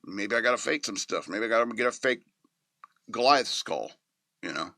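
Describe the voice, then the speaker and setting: A man's voice: fairly low pitch, expressive, normal speed, vocal fry, bright, forceful tone, no room sound, studio quality. A man hosting a show, giving a casual, rambling movie review with many fillers and chuckles. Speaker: podcast host reviewing a movie.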